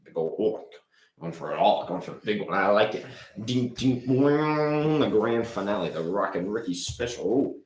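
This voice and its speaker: Man doing a brash rocker showman, boastful, hyped, low voice, roomy echo. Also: very animated, normal speed. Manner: boastful, hyped, sound-effect heavy. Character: brash male rock keyboardist showman. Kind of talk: improv comedy.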